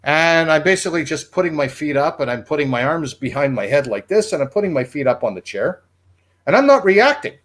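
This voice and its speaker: Talking fast with few pauses, this man, once a radio producer, spins a long and rambling livestream story. His voice runs a bit high, and he stays animated, chuckling at his own story.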